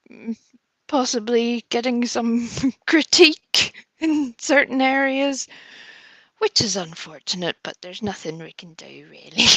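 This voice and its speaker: A woman hosts a livestream, greeting viewers by name in a chatty, giggly, affectionate manner, though she seems a bit nervous. Her voice sits on the high side and sounds a bit bright, with no echo.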